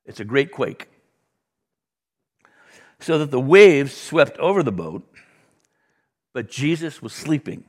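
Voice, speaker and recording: A male pastor preaches a sermon conversationally, telling animated stories and making asides to the congregation. His mid-range voice moves slowly with long pauses, and a long reverb tail follows his words.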